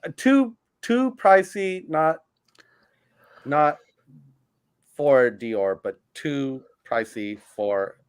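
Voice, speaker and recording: A man's voice: fairly high pitch, drawn-out words, pauses often, smooth, no echo, studio quality. A married man chatting casually on a livestream, often laughing into his own remarks.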